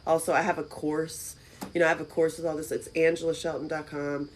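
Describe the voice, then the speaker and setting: Woman host, casual livestream, lowish voice, chatty and lively. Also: a little fast, slight background noise. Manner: lively and chatty, reads comments aloud. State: voice lower than usual. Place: friend's house. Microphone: phone camera.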